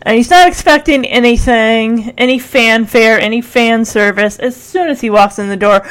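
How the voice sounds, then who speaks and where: Woman podcast host, casual recap, animated, acts out lines, fairly high voice. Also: normal speed. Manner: animated storytelling, acts out characters' lines, frequent "like".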